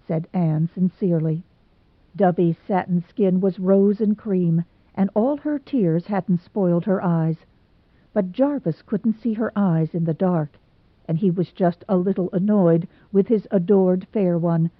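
A woman narrating a novel in an even, measured reading voice. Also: lowish voice, no room sound. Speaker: audiobook reader. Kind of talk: scripted narration. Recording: dry tinny phone-like sound.

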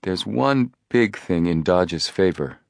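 A man reading the part of an eager, excitable teenage boy detective in a storybook. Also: on the low side, normal speed, no echo, studio quality, voice pushed up. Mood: thoughtful.

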